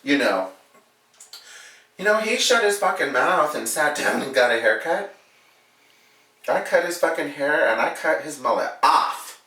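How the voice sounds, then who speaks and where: A man's voice: a little high, measured pace, pauses often, far from the mic. A man, a hairdresser, telling a story in a casual, profane way and acting out the quotes, recorded in an echoey room away from the mic. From Alaska. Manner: animated, profane, acts out quotes.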